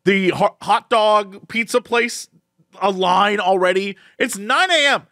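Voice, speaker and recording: A man's voice: high-pitched, takes it slowly, no room sound, studio quality. A young man co-hosting a podcast, telling a funny family story in casual chat and acting out the people in it. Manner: animated storyteller acting out family members' voices. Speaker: podcast co-host.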